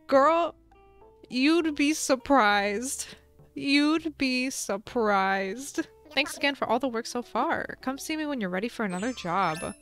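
A woman's voice: fairly high pitch, expressive, a little fast, few pauses, fairly bright tone, faint music behind. A woman voicing a cheerful female otter planner, reading her game lines aloud in an upbeat way. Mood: chipper.

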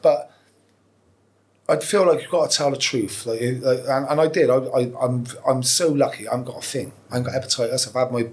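A man in his 40s, with a medium-pitched, fairly even, slightly mellow voice, talks fairly quickly. As a podcast guest he tells his story candidly and profanely, rambling and restarting his sentences in a casual interview.

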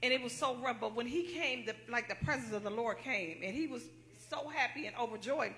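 A woman giving an excited testimony at a church service, calling out to the congregation as she tells her story. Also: a little high, brisk. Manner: excited, talks straight to the congregation with "y'all".

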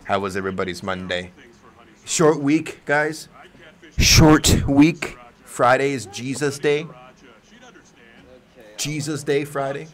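A man hosting a casual livestream, reacting to wrestling, swearing freely and breaking into loud yells. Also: medium pitch, a little slow, long pauses. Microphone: desk microphone.

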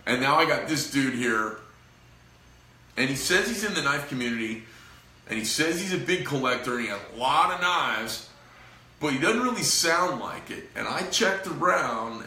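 A man's voice: medium pitch, sharp tone, roomy sound. A middle-aged man who runs a knife company, venting to camera in a rambling, profane, frustrated way.

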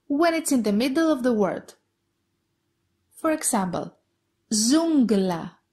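Woman, Greek accent, language tutor, slightly high voice, slow deliberate delivery, repeats each word. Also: a little mellow. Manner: slow, careful pronunciation drills, repeating each word twice. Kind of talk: podcast lesson.

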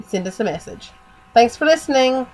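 A woman's voice: fairly high pitch, expressive, normal speed, darkish tone. A woman co-hosting a podcast in casual chat, rambling with many fillers while she is losing her voice from a cold. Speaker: podcast co-host.

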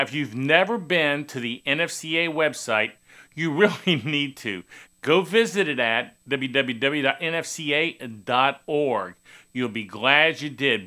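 A man hosts a sports TV show and talks straight to viewers. His voice is bright and forceful. His delivery is chatty and promotional. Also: medium pitch, expressive, unhurried. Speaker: TV show host. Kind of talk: scripted show intro and outro.

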